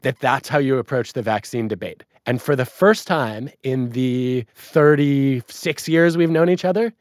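Middle-aged man, animated storyteller who plays both sides of a debate, dry studio sound. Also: mid-range voice, measured pace, no room sound. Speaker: guest author. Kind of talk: podcast conversation.

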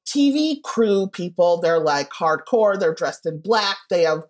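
A woman with a somewhat low voice tells a story in a relaxed interview chat. She fills her talk with "like" and acts out quoted remarks with lively bursts. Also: a little slow. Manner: chatty, heavy use of "like", animated quoting. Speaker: guest writer.

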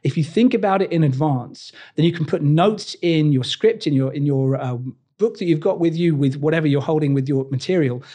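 A man's voice: a little high, a little fast, hardly any pauses, dark tone. A British man, a body language coach, talking in an interview and acting out quoted lines with animation. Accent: British English. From Britain. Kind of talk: conversational interview.

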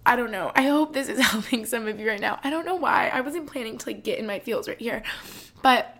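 A woman's voice: fairly high pitch, fairly quick, a bit bright. A woman in her twenties hosting a podcast, talking in a casual, rambling and heartfelt way with lots of "like", emotional and tender. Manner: effusive, rambling, heavy use of "like". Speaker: podcast host.

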